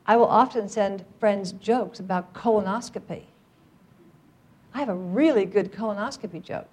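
A woman's voice: mid-range voice, moderate pace, a little mellow, breathy edge. A middle-aged woman training a live audience, upbeat and joking as she coaxes them to speak up. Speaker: workplace trainer on cancer outreach.

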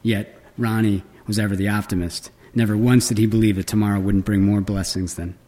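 A man's voice: on the low side, level tone, a little fast, mellow, close to an everyday voice. A man reading aloud and voicing a gushing, piercing-voiced older woman tour guide who can turn stern. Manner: piercing, gushing, growls when crossed.

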